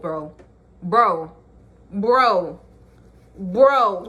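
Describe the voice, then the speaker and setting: A woman's voice: medium pitch, expressive, drawn-out words, pauses often, a bit bright, slight background noise. Emphatic woman talking to camera. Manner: emphatic, repeats lines for effect. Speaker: vlogger. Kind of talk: casual talk to camera.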